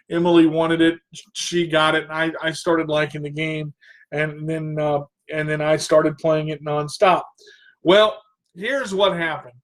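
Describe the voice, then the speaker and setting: Radio host, male, high pitch, chatty rambling storyteller. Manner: animated, rambling, breaks into goofy singing. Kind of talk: casual storytelling monologue.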